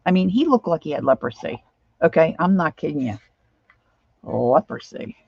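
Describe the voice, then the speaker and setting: A woman's voice: sits low, big pitch swings, fast talker, creaky, a little mellow, breathy edge, no room sound, muffled recording. A middle-aged woman chatting casually as she works on a craft project, rambling on and answering viewers' comments.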